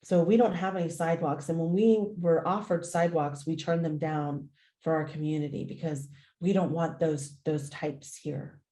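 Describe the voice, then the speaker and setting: Animated woman telling a story, roomy echo. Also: normal speed. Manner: animated, profane, swings into loud high-pitched retellings. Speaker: podcast host. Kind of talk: casual storytelling monologue.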